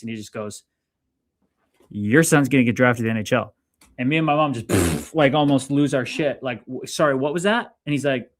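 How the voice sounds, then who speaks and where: A man in his thirties, a former hockey player, telling stories in a casual interview, animated and dropping the odd swear word as he acts out old conversations. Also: medium pitch. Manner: animated, swearing, lively retelling with quoted dialogue. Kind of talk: casual storytelling.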